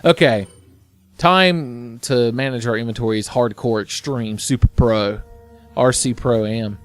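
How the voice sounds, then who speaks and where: A man's voice: medium pitch, measured pace. Male let's play host, sarcastic and foul-mouthed, rambling casual game commentary.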